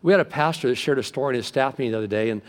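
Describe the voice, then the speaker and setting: A middle-aged man preaching a sermon as pastor, telling stories in a lively way and acting out the voices of the people in them. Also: medium pitch, rapid-fire. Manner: animated storytelling, acting out quoted voices. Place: large church hall. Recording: long reverb from a large hall.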